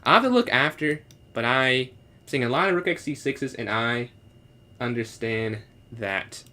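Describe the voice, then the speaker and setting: Speaking at a medium pitch with lively intonation, a young chess streamer with a bright, ringing voice works through puzzles alongside his chat in casual commentary. He reasons out loud over every move, responds to viewer questions, and occasionally slips into halting classroom French.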